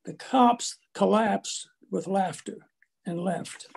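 An older man from Canada giving a prepared lecture, telling family stories in a measured way with small restarts. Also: high voice, vocal fry, breathy edge. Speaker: guest lecturer.

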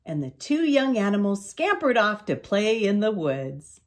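An older woman reading a children's storybook aloud in an expressive, unhurried way. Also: mid-range voice. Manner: expressive, slow read-aloud.

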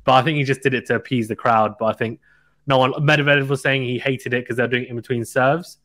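Man, podcast host, chatty, animated, laughs a lot, mid-pitched voice. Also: quick pace. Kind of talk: casual chat with a guest.

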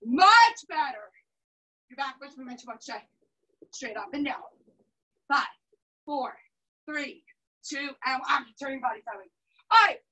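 Bright, high-voiced woman coaching karate. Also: slightly rough, recorded from a distance, rough recording. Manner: brisk, commanding, counts and cues drills. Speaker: karate instructor. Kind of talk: coaching a class over video call. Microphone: video call.

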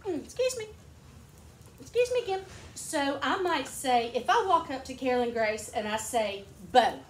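A woman's voice: sits high, very animated, moderate pace, a bit bright, a little hiss or hum. A woman teaching young children in a classroom, patiently explaining with examples. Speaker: kindergarten teacher. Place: echoey classroom. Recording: echoey classroom.

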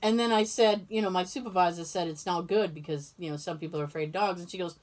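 A woman co-hosts a podcast, laughing often as she tells animated stories in casual talk. Her voice is lowish and her delivery fast.

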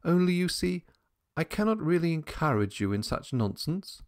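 A man's voice: on the high side, sing-song, normal speed, no room sound, clean studio sound, voice pushed up. A man voicing a logical, impatient young governess in an audiobook, asking firm questions. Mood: stern.

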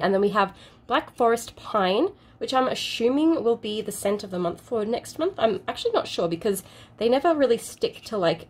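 A woman's voice: mid-range voice, slight background noise. A woman with an Australian accent, gushing and exclaiming as she unboxes products for her channel. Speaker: unboxing vlogger. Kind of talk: excited unboxing chat.

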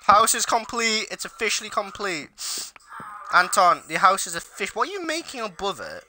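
A man's voice: sits high, very animated, moderate pace, sharp tone, faint music behind. A man streaming a block-building game with friends, laughing helplessly and bossing the others around in casual chat. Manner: laughs helplessly, giggly and bossy.

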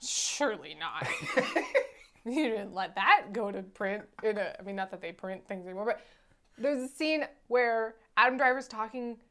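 A woman's voice: fairly high pitch, moderate pace, pushed and bright. A woman co-hosting a film review podcast, blunt and sarcastic, swearing freely in casual chat.

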